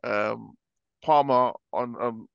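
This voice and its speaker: A man from West London with a London accent, chatting on a podcast in an animated, emphatic way with quick restarts. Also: medium pitch, vocal fry, clear, resonant tone, dry recording, lo-fi sound. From West London, England. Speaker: podcast co-host. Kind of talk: casual chat.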